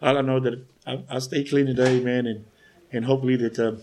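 A man sharing haltingly at a recovery meeting, with frequent restarts and casual asides. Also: mid-range voice, flat delivery, a little mellow, a little hiss or hum. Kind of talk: halting personal share. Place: meeting room with an audience.

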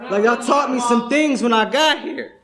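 Young guy talking at a recovery convention, high voice, swears a lot, keeps saying right?. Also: moderate pace, a loud crowd. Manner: streetwise, profane, peppers with "right?". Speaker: workshop speaker at a recovery convention. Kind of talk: testimony-style workshop talk. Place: convention room.

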